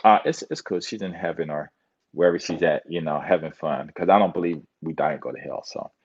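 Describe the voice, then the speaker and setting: Low, husky and brisk, an American man's voice carries a rambling monologue that wanders between loose trains of thought with many fillers. The recording sounds dull and lo-fi.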